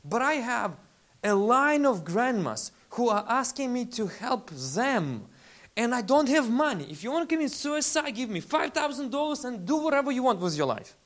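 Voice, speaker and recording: A man, a faith-based relief leader giving a lively testimony talk with slides and acting out the people he quotes. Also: extremely high pitch, normal speed. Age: 40s. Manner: animated storyteller, acts out quoted voices.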